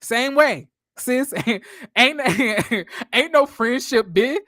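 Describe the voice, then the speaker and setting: A woman's voice: on the high side, lively intonation, extremely slow, a bit bright, dry recording, clean studio sound. A woman casually recapping a reality TV episode, talking bluntly and chatty, with frequent laughter and cursing.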